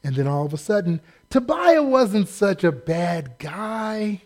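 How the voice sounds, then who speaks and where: Brief: male pastor with a high voice, folksy and lively, acting out the scripture as he preaches. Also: slow pace. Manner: folksy, animated, acts out quotes. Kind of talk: sermon.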